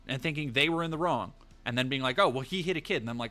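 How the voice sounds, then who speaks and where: A man's voice: a little high, a little fast, pushed and bright, soft background music. A man streaming live, telling a rambling, profane story in casual chat with many fillers and restarts.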